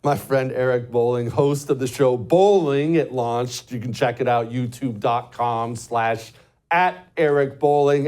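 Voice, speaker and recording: A male talk show host with a mid-range voice, blunt and sardonic. He talks straight into the mic with a dry wit and laughs at his own lines. His voice sits at a medium pitch. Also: a little slow, a little mellow, clean tone. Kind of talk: political talk show monologue and ad read.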